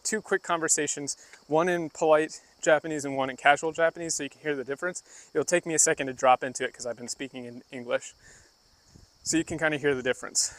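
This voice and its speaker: A man's voice: fairly high pitch, a bit bright. A man casually live-streaming while walking outdoors, chatting loosely with many fillers and asides as he explains things to his chat. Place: outdoors on a rural walk.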